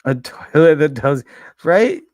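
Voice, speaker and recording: A man's voice: fairly high pitch, very animated, slow pace, a little mellow, no room sound. A man from Minnesota co-hosting a casual podcast, laughing often and swearing casually. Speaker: co-host.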